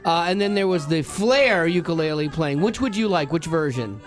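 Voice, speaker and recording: A man's voice: a little high, lively intonation, normal speed, faint music behind. A man hosting a radio show, leading a playful game with joking, self-deprecating chatter. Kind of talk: playful morning radio chat. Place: radio studio. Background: ukulele playing.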